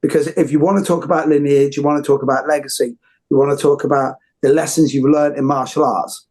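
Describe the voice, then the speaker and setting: This UK interview host chats casually, effusive and rambling, with lots of restarts. He's a fast talker whose a-little-high voice keeps a steady tone with a darkish quality.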